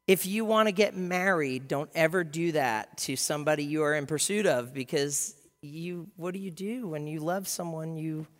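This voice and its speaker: A pastor preaching a sermon in a lively, humorous way, acting out little scenes. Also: male voice, a little high, long reverb tail.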